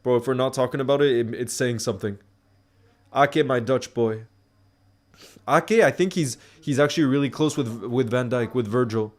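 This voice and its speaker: Casual guy rambling thru a live match stream with chat, keeps restarting words, middle pitch. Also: moderate pace. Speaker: football watchalong streamer. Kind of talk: live match watchalong, chatting with viewers.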